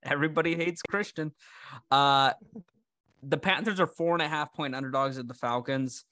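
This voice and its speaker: A man's voice: on the high side, moderate pace, bright, forceful tone. A man hosting a casual sports betting podcast, joking and teasing while he runs through the picks. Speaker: podcast host.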